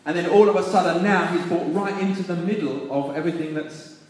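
A man preaching a sermon, reading scripture and then reflecting on it with restarts and pauses. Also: high-pitched, a little mellow, slight background noise. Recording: echoey hall reverb.

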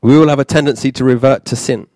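A man preaching a sermon in a church, halting, with many fillers and restarts. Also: mid-range voice, steady tone, darkish tone, no room sound.

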